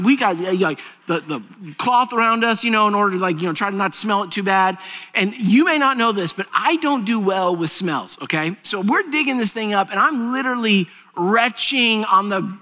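High, bright-voiced man preaching in a hall. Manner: storytelling with humor, rising to impassioned preaching. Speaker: senior pastor. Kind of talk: sermon. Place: church sanctuary. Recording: church sanctuary reverb.

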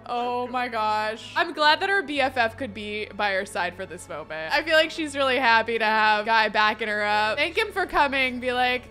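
A young woman commentating a life-sim game playthrough, excitable and gushing. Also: on the high side, moderate pace, faint music behind. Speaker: gaming YouTuber.

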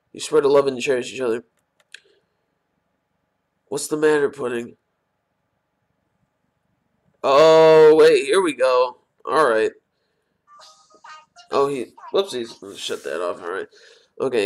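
A man's voice: mid-range voice, animated, a little slow, pauses often. A man reacting live to a manga chapter, reading lines aloud and exclaiming often as he goes. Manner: reads character lines aloud in quotes. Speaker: manga reviewer.

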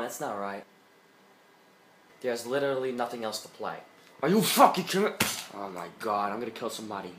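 A young man doing comedy sketches, loud and profane, swinging from mumbles to shouts. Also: lowish voice, echoey room, noisy background. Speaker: comedy video maker.

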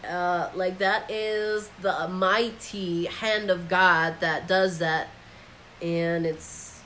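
A woman's voice: medium pitch, fairly bright tone, a little hiss or hum, poor audio. A woman giving a casual Bible commentary, talking in a conversational way, filled with "like" and acted-out quotes. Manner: conversational, acts out quoted voices with frequent "like". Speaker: Bible teacher.

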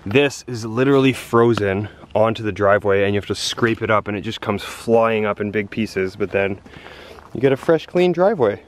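Young male vlogger, relaxed chatty delivery, slightly low voice, handheld camera with light hiss. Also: normal speed. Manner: chatty, breathless after shoveling. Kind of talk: casual vlog chat. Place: outdoors in snow and at home.

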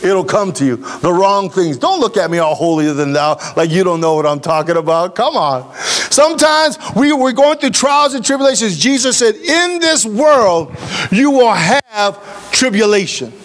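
A man's voice: high-pitched, lively intonation, moderate pace. A male pastor giving a sermon, emphatic and talking straight to his congregation.

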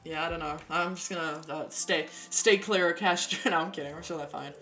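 Excitable low-voiced woman streaming. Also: fairly quick, hardly any pauses, faint music behind. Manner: excitable, rambling, swears and laughs often. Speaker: streamer host. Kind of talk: casual live-stream chat.

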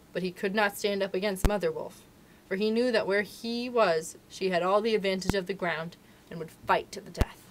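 A woman reads a classic jungle tale aloud for a library, narrating in an even, clear way. Her pitch sits in the middle, with a faint hum of room behind. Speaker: library storyteller. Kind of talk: storybook read-aloud.

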